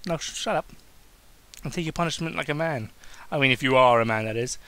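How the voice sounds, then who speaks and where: A man's voice: medium pitch, a little fast, fairly bright tone, lightly acted. A man voicing a tall, sadistic male brute who taunts in a mocking, sing-song way. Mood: commanding.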